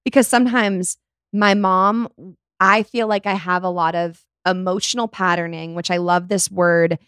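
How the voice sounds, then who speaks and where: A woman's voice: on the low side, steady tone, normal speed, a bit bright, clear, resonant tone, no room sound. Chatty young woman, dry close sound. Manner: chatty, lots of "like" fillers. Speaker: podcast co-host. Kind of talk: casual chat.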